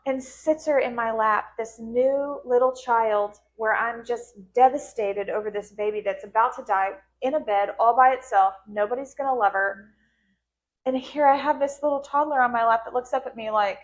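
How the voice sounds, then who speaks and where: A woman's voice: on the high side, moderate pace. A woman podcast host telling an emotional personal story in casual conversation, her voice rising and cracking into tearful laughter as she relives moments.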